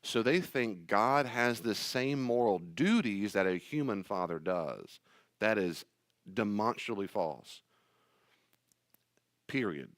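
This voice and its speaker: Emphatic pastor with a lively, dry voice. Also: male voice, fairly low pitch, takes it slowly, no room sound. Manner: emphatic, fires rhetorical questions. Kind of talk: sermon-style teaching talk.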